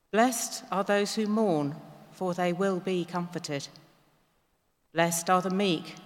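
A woman reads a Bible passage aloud, taking each phrase very slowly and evenly. She sounds distant from the mic, with the long reverb of a church hall around her. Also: lowish voice. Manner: slow, measured reading. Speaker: scripture reader. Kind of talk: Bible reading.

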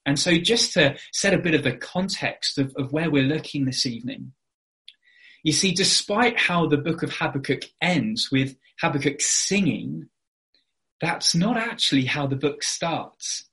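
A man's voice: fairly high pitch, expressive, measured pace, a bit bright. A man preaching an evening sermon, earnest and explanatory, with frequent fillers and restarts.

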